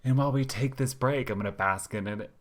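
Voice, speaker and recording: A man's voice: mid-range voice, a little fast. A man co-hosting a podcast in casual chat, with a playful, teasing manner. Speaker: podcast co-host.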